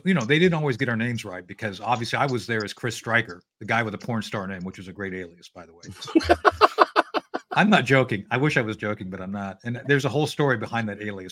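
A man's voice: mid-range voice, a bit bright. A man co-hosting a podcast in casual talk, tossing in joking asides and stumbling over restarts.

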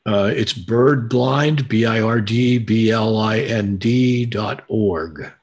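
A man's voice: fairly low pitch, takes it slowly, slightly rough. An older man answering listener questions as a guest, chatting in a friendly way and chuckling as he explains. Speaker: guest bird recordist. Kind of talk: conversational Q&A.

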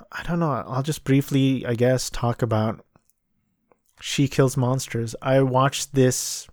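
A man's voice: medium pitch, no room sound, studio quality. A man casually reviewing movies and plays on his own show, blunt and exasperated, repeating himself for emphasis. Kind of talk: casual solo review talk.

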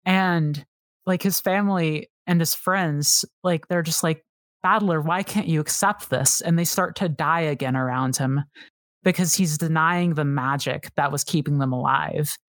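A woman's voice: sits low, steady tone, measured pace, no room sound, clean studio sound. A woman guest on a podcast, talking casually and eagerly, rambling with many fillers and restarts. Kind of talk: casual chat.

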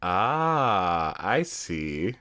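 A man's voice: low voice, very animated, drawn-out words, bright, forceful tone. A man guesting on a podcast in casual chat, spinning out jokey story ideas and laughing often.

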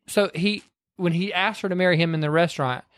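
A man's voice: sits high, fast talker, a bit bright, no room sound. Man recapping a movie, dry close sound. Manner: retells scenes by acting out quotes, many fillers. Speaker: podcast co-host. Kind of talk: casual movie recap chat.

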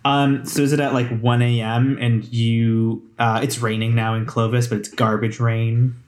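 A man narrating as game master of a tabletop game, relaxed and full of fillers. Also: medium pitch, normal speed.

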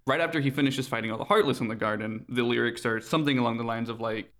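A man's voice: medium pitch, fast, fairly bright tone. A man co-hosting a podcast, talking casually in a rambling way with frequent laughs. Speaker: podcast co-host. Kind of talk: casual chat.

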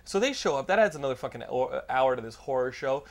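A man's voice: medium pitch, expressive, fast talker. A middle-aged man hosting a podcast, telling a long profane anecdote in casual chat. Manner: profane, rambling anecdote teller. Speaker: podcast host.

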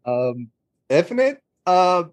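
A man's voice: high voice, big pitch swings, slow pace. A man as a podcast guest, talking casually and hesitantly with many fillers and restarts. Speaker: guest animator.

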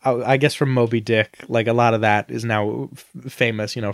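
A man's voice: medium pitch, lively intonation, moderate pace, few pauses, no echo, clean studio sound. A man co-hosting a podcast in casual chat, talking with eager enthusiasm and often repeating himself. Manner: enthusiastic, repeats himself, quotes lines in funny voices. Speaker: podcast co-host.

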